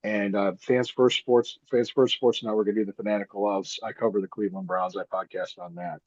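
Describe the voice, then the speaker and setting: Husky-voiced man rambling about his career. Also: fairly low pitch, little pitch movement, fairly quick, a little mellow, no room sound, lo-fi sound. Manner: rambling, repeats words, laughs often. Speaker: guest, pro wrestler and podcaster. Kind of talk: casual interview chat.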